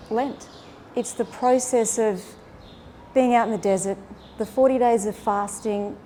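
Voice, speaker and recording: A woman earnestly retelling a faith story and reflecting on its meaning, with an animated, heartfelt delivery. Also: mid-range voice, a little hiss or hum. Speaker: faith speaker.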